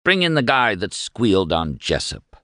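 A man voicing a bullying male guard officer of about thirty who jeers and shouts. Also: on the low side, very animated, normal speed, no room sound, studio quality. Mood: menacing.

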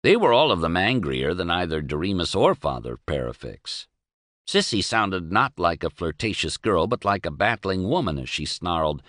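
A man doing expressive, measured audiobook narration of a novel. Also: low voice, dry recording, clean studio sound. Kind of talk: scripted narration.

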